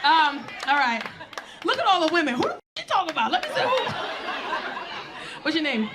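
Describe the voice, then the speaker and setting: Brash high-voiced woman comic, loud crowd. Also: big pitch swings, brisk, heavy background noise. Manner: brash, profane, storytelling with crowd work. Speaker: stand-up comedian. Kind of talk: stand-up set. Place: comedy club stage with live audience. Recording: live club with loud crowd laughter.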